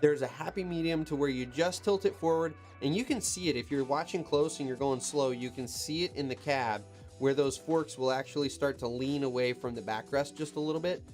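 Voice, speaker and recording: A man's voice: mid-range voice, fairly quick, a little mellow. A man who runs heavy equipment, hosting a casual live stream Q&A. He reads viewer comments aloud and answers them with loose, chatty advice, talking from an equipment cab with faint music behind.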